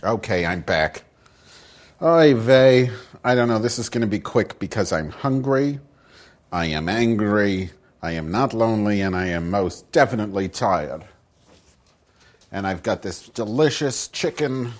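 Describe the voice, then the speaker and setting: A cranky middle-aged woman podcast host, played by a man, swearing and grumbling through a rambling comic monologue. Her voice sits low and heavy for a woman. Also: expressive, unhurried. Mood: grumpy. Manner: profane, grumbling, rambling rants.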